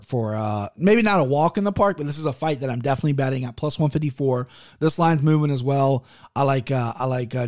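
A man's voice: medium pitch, darkish tone, no room sound, studio quality. A man giving casual fight-betting picks, swearing freely and interrupting himself as he goes. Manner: profane and rambling; restless, self-interrupting.

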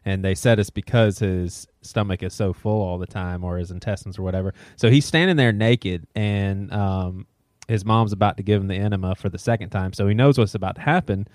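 A man's voice: low voice, fairly quick, hardly any pauses, darkish tone, dry recording, studio quality. A man in his thirties co-hosting a podcast, telling a story about his son and chuckling as he goes. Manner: amused storyteller, chuckles mid-sentence. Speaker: podcast co-host. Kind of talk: casual chat.

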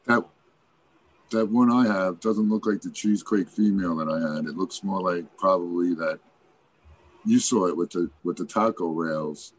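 A man with a husky voice in casual chat, enthusiastic and swearing freely. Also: low voice, moderate pace, a little hiss or hum.

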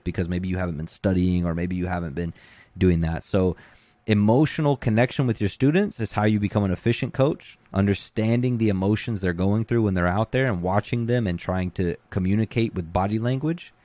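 A man's voice: low voice, fairly quick, dry recording. A man who coaches jiu-jitsu, talking casually in an interview with lots of "you know" and "like". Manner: relaxed, conversational, many fillers like "you know".

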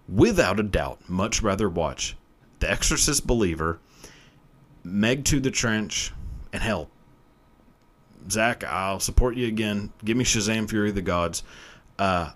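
Deep voiced podcast guy ranting and cussing, voice bouncing all over. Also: a bit bright. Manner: profane, ranting, emphatic. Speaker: podcast host. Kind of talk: casual solo commentary.

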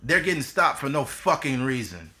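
This thirties-aged male podcast host speaks at normal speed in a medium-pitched, sing-song voice that sounds bright and forceful. Chatting casually, he tells his story bluntly and with impassioned feeling, swearing as he goes.

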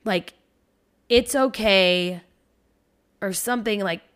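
A woman, a parent in her thirties, telling a story on a podcast in an animated, swearing, casual way. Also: medium pitch, slow pace, smooth. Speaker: podcast host.

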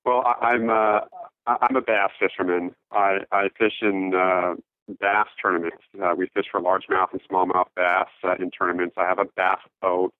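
A man answering interview questions in casual talk, halting, with many fillers and restarts, heard over a phone line. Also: low voice, little pitch movement, dry recording. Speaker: interview guest, note investor.

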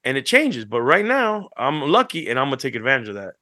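A man co-hosting a podcast, telling animated stories that act out what others said, swearing freely as he chats. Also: medium pitch, fast talker, dry recording, clean studio sound. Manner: animated storyteller, acts out quotes, swears freely. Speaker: podcast co-host. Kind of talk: casual chat.

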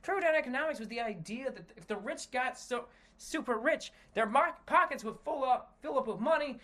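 An American man hosts a solo podcast in a very high, bright, forceful voice with lively intonation. He rants fairly quickly with hardly any pauses, swearing a lot and repeatedly trailing off into self-corrections and restarts.

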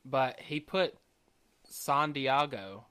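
A man's voice: medium pitch, extremely slow, a bit bright, clean tone. A man co-hosting a podcast in casual, profane chat, laughing often. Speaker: podcast co-host.

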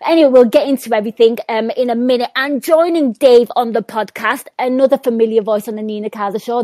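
A woman hosting a casual post-match podcast, frank and animated, swearing freely as she leads the chat. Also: fairly high pitch, no room sound. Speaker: podcast host.

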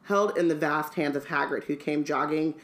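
Low-voiced woman reading aloud, roomy sound. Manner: reads aloud with quick asides and laughs, filler ums. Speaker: podcast co-host reading aloud. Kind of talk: casual book read-along chat. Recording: roomy echo.

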